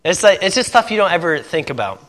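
Man, missionary, casual talk to a group, laughs a lot, bright voice. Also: high-pitched, sing-song, fast. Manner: chatty, laughs often between sentences.

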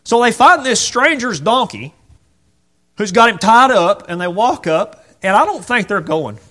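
Male preacher, slightly high, very animated; chatty sermon, acts out the voices in the story. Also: measured pace. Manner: conversational, rhetorical questions, acts out quotes. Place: church.

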